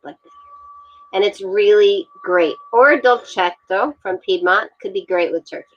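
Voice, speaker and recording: Woman guest on a livestream, chatty, halting with ums and restarts, dull lo-fi call audio. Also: mid-range voice. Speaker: wine guest. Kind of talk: casual livestream chat. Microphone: video call.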